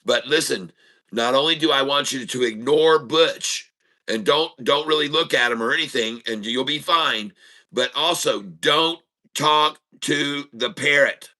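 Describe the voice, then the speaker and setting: A man's voice: medium pitch, pushed and bright. A man voicing a worried, insistent homeowner lady. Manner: hurried, insistent warnings. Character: anxious woman homeowner warning a repairman.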